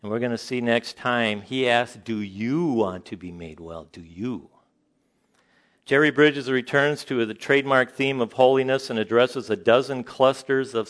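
A man preaching a sermon to a congregation, conversational and halting, with frequent fillers and joking asides. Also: medium pitch, a bit bright. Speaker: pastor.

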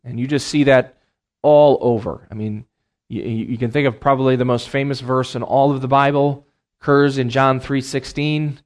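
A man's voice: medium pitch, steady tone, normal speed. A middle-aged man teaching a Bible class in a lecture, who explains terms plainly and repeats his key phrases, with many ums and uhs.

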